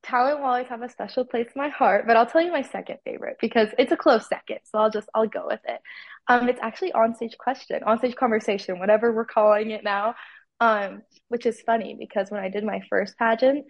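A woman's voice: fairly high pitch, steady tone, fairly quick, no room sound, muffled recording. A teenage girl from Utah, a pageant titleholder, telling her story with enthusiasm in a casual interview. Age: teens.

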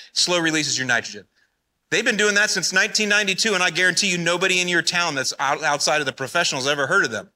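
A man in his forties giving an energetic conference talk, often firing questions at the audience. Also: high-pitched. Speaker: conference speaker.

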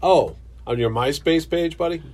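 A middle-aged man co-hosting a podcast, telling stories with animated energy in casual chat. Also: a little high, normal speed. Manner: animated storyteller. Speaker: podcast co-host.

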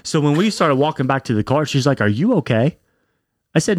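A young man, a podcast co-host, telling a story in casual chat, animated and profane. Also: medium pitch, brisk, no room sound, studio quality.

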